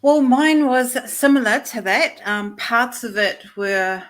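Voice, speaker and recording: A middle-aged woman with a New Zealand accent, a guest chatting openly and warmly on a video call. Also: a little high, slow. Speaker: guest, coach. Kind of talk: casual interview chat.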